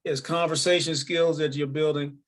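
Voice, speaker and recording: A man's voice: a little high, fairly even intonation, moderate pace. A man co-hosting a casual chat, adding short agreeing replies and laughing easily. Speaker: podcast co-host.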